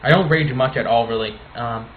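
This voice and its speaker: A man's voice: mid-range voice, brisk. A man hosting a casual chat, steering the talk and telling stories with animation. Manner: leads the talk, animated storytelling. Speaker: podcast host. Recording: tinny phone-like line with faint noise.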